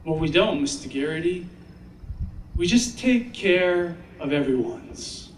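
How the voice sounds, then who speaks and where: A man's voice: fairly high pitch, animated, slow pace, a little hiss or hum. A man doing an eager little first-grade boy. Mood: matter-of-fact. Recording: echoey sound from far off.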